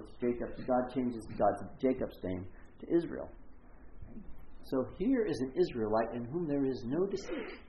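A man preaching a conversational sermon as pastor, acting out the characters' lines in quick voices. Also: mid-range voice, warm tone, roomy sound, slight background noise, poor audio.

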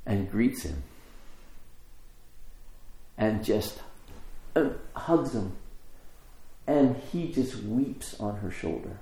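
A man giving a sermon, telling a story with pauses and shifting emphasis. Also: on the low side, warm tone. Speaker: preacher. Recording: roomy echo.

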